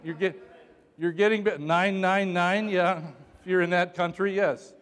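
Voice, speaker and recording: A male pastor preaching a sermon, who jokes with the congregation and shouts for emphasis. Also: high-pitched, fairly even intonation, unhurried, in a large hall.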